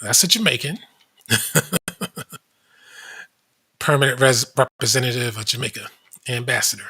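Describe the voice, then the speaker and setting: A man's voice: mid-range voice, normal speed, pushed and bright, slightly rough. A man hosting a commentary show, casually reading web pages aloud with blunt asides. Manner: blunt, reads aloud from screen, frequent asides.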